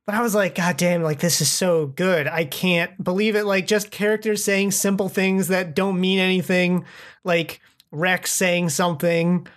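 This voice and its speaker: A man's voice: high voice, level tone, measured pace, a bit bright. A man chatting as a podcast guest, rambling and enthusiastic, often acting out what people said. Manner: rambling, enthusiastic, acts out quoted speech. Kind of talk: casual chat.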